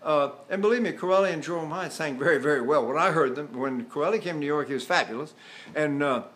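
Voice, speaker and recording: Older male voice teacher, higher voice. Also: quick pace, fairly bright tone. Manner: demonstrative, explains through examples and questions. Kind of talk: vocal technique lesson with sung demonstrations.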